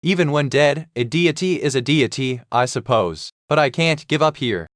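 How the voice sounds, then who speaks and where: A man's voice: medium pitch, lively intonation, moderate pace, dry recording. Dry-voiced man narrating a story recap.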